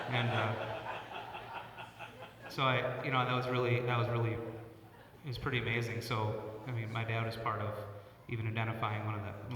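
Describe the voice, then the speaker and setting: A middle-aged church worship leader, the son of the deceased, tells stories about his father at the funeral, pausing and repeating himself. His lowish, slightly bright voice comes from far off in the echoey church hall, with slight background noise.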